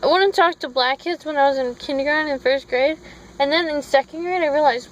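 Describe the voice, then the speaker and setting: A Minnesota vlogger tells a long, rambling story, drifting into tangents and pausing to correct herself. Her voice sits high at a moderate pace with frequent pauses, captured on a phone in a rough recording with a faint hum beneath.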